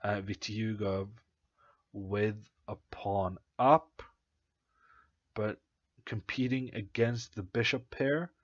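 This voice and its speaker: A man's voice: fairly low pitch, steady tone, slow, pauses often, dry recording, highs cut off. A young Norwegian man whose first language is Norwegian, casually commentating chess on a stream, thinking aloud with plenty of uhs and ums. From Norway. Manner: hesitant, thinking aloud with many fillers.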